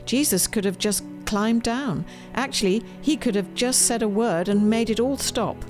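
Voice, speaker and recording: Gentle woman storyteller over soft music. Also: on the high side, normal speed. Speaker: author reading her storybook. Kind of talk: storybook read-aloud. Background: faint music.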